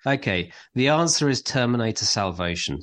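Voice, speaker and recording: A man's voice: mid-range voice, animated, moderate pace, fairly bright tone. A man co-hosting a casual podcast, chatting about TV and running a light quiz in a rambling, teasing way. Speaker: podcast co-host.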